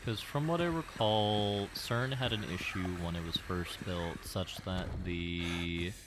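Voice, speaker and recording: A man's voice: low-pitched, background noise. A man streaming a game, giving casual commentary in a wry, rambling way.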